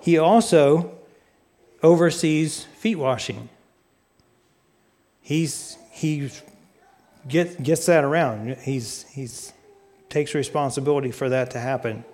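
A man preaching a sermon, speaking deliberately and putting questions to his listeners. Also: fairly high pitch, darkish tone. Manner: asks the audience questions; unhurried, deliberate. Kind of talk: sermon teaching.

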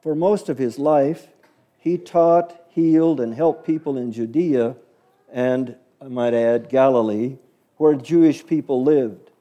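A man's voice: medium pitch, takes it slowly, dull audio. Man teaching a Bible story. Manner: asks the listeners questions, chatty. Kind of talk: Bible story lesson for children.

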